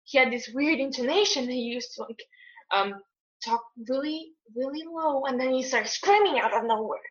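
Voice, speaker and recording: Young woman from Italy, fairly high voice, rambling chatty delivery. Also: normal speed. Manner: rambling, many fillers and restarts, laughs often. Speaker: guest co-host. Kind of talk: casual conversation. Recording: lo-fi dull audio.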